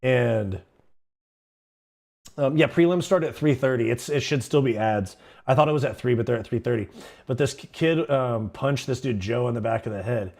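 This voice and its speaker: A man's voice: medium pitch, normal speed, darkish tone. A young man hosting a livestream, telling stories casually in a rambling, slangy, profane way. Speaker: livestream host. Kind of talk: casual storytelling.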